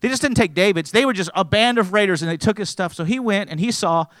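A pastor preaching a sermon, rising to loud emphatic peaks and dropping low, often restarting his words. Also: fast talker, no echo.

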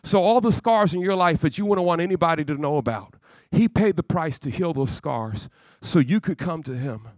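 Fervent higher-voiced male preacher, dry sound. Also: expressive, normal speed, darkish tone, dry recording. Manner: impassioned preaching with humorous asides. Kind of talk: sermon.

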